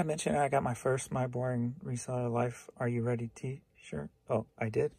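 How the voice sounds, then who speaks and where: Tired man, husky, self-mocking, rambling casual vlog. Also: mid-range voice, fairly even intonation, moderate pace, few pauses, dark tone, no echo. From St. Louis, Missouri. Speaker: reseller vlogger.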